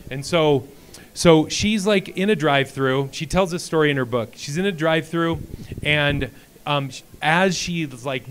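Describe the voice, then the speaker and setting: A man's voice: medium pitch, clear, resonant tone. A man giving a casual talk to a live event audience, telling stories conversationally with frequent ums and restarts. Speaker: speaker at a startup event. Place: event room before an audience.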